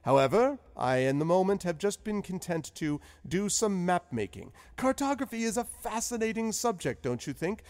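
A jovial old giant wizard with a long white beard, as a man puts him on, his voice soaring high and swooping all over. He talks in a grand, flowery, beaming manner, in a tabletop role-play. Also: big pitch swings, normal speed, few pauses, darkish tone. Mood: exuberant.

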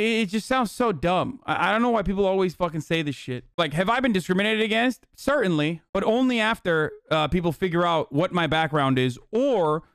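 A young man riffs through a casual reaction stream, swearing freely and sounding exasperated as he rambles. His voice sits a little high and comes through smooth and resonant, recorded close and dry with almost no room sound. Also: fairly bright tone, dry recording.

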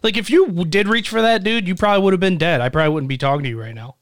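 A man's voice: sits high, racing, dry recording, clean studio sound. A man hosting a casual podcast, asking questions and backing up his guest with casual swearing. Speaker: podcast host.

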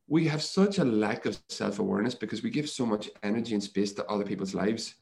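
A man talking as a guest on a podcast, a mindset coach who tells stories and acts out his own inner thoughts in lively quoted lines. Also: lowish voice, fast, creaky. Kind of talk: casual podcast conversation.

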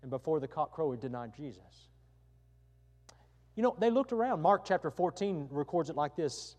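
A man's voice: fairly high pitch, lively intonation, normal speed, darkish tone, big-room sound. A male pastor delivering a sermon, emphatic and given to repeating his phrases.

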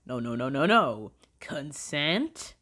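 A woman with a low-pitched voice talking in a loose, chatty vlog style. She gushes excitedly, leans on filler words, laughs often and swears now and then. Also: slow. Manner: gushing and excitable. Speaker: vlogger reviewing dramas. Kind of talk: casual chat.

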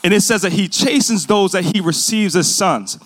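A young adult man delivers a sermon in a notably high voice. He speaks earnestly, telling a personal story and pressing his point with growing emphasis. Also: normal speed, a bit bright. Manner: earnest, builds to emphatic preaching. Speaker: preacher.

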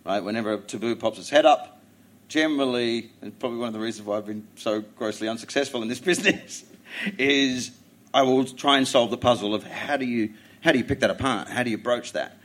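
Middle-aged Australian comic, blunt and profane, animated storyteller, mid-range voice. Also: male voice, mid-range voice, a little fast. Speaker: comedian guest. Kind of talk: casual podcast chat.

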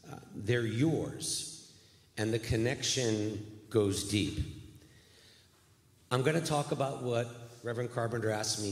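A man, a rabbi giving an earnest, folksy guest speech in a church sanctuary. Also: medium pitch. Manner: folksy, earnest, self-deprecating. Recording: echoey church hall.

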